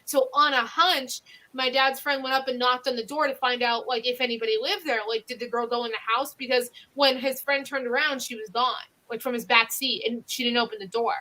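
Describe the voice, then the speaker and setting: A woman with a Northeastern Pennsylvania accent tells local ghost stories on a podcast. Her high, bright voice runs on through loose, rambling sentences full of fillers and restarts. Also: fairly even intonation, fairly quick. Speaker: podcast host. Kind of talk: casual ghost-story chat.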